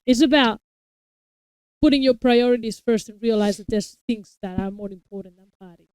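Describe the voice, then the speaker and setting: A woman's voice: a little high, normal speed, darkish tone, smooth, no room sound, low-quality recording. A woman, a parent of young children, chatting casually and explaining her views at length, often restarting her sentences. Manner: long talkative explanations with frequent restarts. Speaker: co-host reacting to a TV episode. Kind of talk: casual chat.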